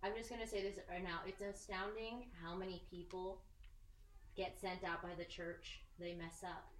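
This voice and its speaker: A woman giving a casual, animated sermon, joking and acting out the people she quotes. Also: on the low side, normal speed. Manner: animated, jokey, acts out quoted voices. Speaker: preacher. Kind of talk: conversational sermon. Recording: echoey room, mic at a distance.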